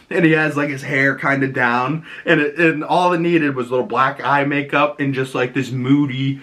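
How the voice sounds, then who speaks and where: A young man reviews a movie in a loose, rambling, chatty way and laughs at his own tangents. His voice is bright and forward. He fills the talk with lots of "you know" and "like". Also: mid-range voice, steady tone, normal speed, few pauses.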